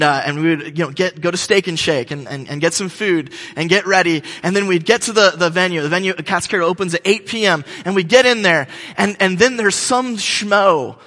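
Bright, high-voiced man preaching in a hall. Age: 30s. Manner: joking storyteller, many fillers and restarts. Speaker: pastor. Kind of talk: sermon. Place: church hall. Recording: long hall reverb.

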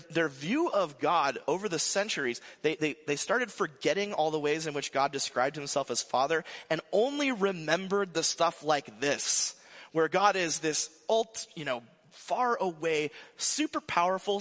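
A man preaching a casual, conversational sermon as pastor, animated and full of restarts and asides. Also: on the high side. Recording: long hall reverb.

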